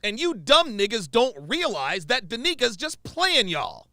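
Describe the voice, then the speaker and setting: A man's voice: extremely high pitch, huge pitch swings, measured pace, pushed and bright, no echo, studio quality. A man giving profane, exasperated reaction commentary, repeating his points with emphasis.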